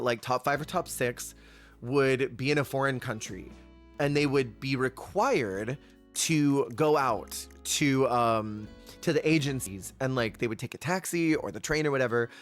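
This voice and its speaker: Guy streamer rambling about reality tv, acts out the quotes, chill game music faint underneath. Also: mid-range voice. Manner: animated storyteller who acts out quotes. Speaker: Twitch streamer. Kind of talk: casual stream chat while gaming.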